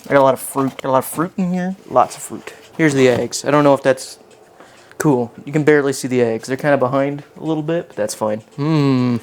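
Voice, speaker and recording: Cooking in his home kitchen on a live stream, a man chats casually with his viewers, rambling and poking fun at himself. He talks briskly at a medium pitch. There's a little hiss or hum on the recording.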